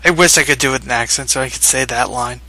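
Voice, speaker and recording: A man's voice: medium pitch, quick pace, bright, forceful tone, low-quality recording. A man chatting casually as a co-host, joking and laughing often. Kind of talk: casual chat.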